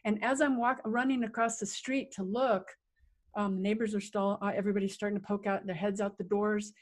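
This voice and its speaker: A middle-aged woman appears as an interview guest, recounting a personal story with vivid animation, acting out sounds and quoting people. Her voice is mid-range and her pace a little fast.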